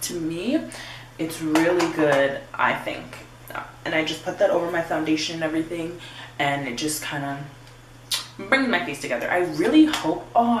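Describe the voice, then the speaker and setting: Young female vlogger, chatty and rambling, low pitch, roomy distant home recording. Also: a little hiss or hum. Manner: chatty, rambling, acts out her own quotes. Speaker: beauty vlogger. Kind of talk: casual get-ready-with-me chat.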